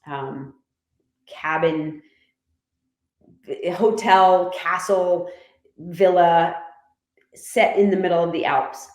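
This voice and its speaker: A woman from Canada, a podcast guest, telling stories in a lively, animated way and laughing often. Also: lowish voice. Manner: animated storyteller, laughs often, voices others in her anecdotes. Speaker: guest, former motorcycle racer and writer. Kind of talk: casual podcast storytelling. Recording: roomy, echoey room.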